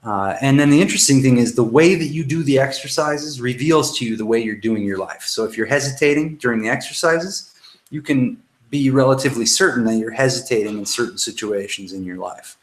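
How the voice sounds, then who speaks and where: A man's voice: medium pitch, a little fast. Casual man coaching in a roomy space. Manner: loose, casual, swears freely. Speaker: workshop coach. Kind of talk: demonstrating self-help exercises to camera. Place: indoor room. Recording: roomy echo, faint noise.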